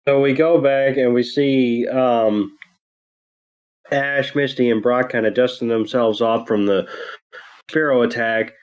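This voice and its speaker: A man's voice: mid-range voice, fairly even intonation, unhurried, low-quality recording. A man co-hosting a podcast, recapping a cartoon in a loose, rambling way full of ums and crude jokes. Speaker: podcast co-host. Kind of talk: casual episode recap.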